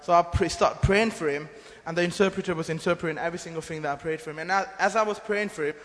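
Male, earnest testimony-teller, loose rambling delivery, a bit high-pitched, echoing church hall. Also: fast talker, a bit bright. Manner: earnest, rambling storytelling with many restarts. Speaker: mission team member giving testimony. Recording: long hall reverb.

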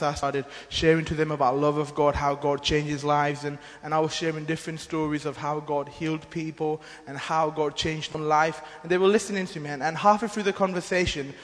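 A man giving an earnest, rambling church testimony, often restarting his sentences. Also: on the high side. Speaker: mission team member giving testimony. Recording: long hall reverb.

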